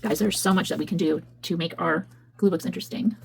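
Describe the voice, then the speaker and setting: A woman's voice: lowish voice, fairly even intonation, fast talker, vocal fry, a little mellow, a little hiss or hum, poor audio. A woman, chatting casually as a craft video host while flipping through her work and often correcting herself. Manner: chatty, meandering, self-correcting. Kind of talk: casual flip-through chat.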